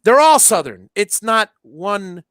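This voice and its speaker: A man's voice: high voice, sing-song, slow pace, a bit bright, no echo, clean studio sound. A man hosting a casual livestream, chatting while he solders, with many restarts and fillers. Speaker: livestream host.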